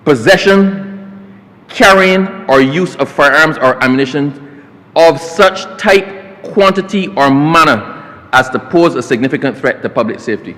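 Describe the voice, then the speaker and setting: A man's voice: on the high side, expressive, unhurried, fairly bright tone. Barbadian guy, minister in parliament, keeps saying sir, tells little stories, big reverb in the chamber. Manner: formal, keeps addressing the chair as sir, folksy storytelling asides. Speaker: government minister. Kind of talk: parliamentary speech.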